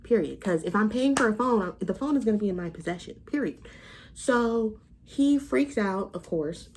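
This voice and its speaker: A woman's voice: medium pitch, expressive, moderate pace, a little mellow. A young adult woman telling a story to her vlog camera in a blunt, emphatic, profane way. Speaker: vlogger. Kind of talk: casual storytime rant.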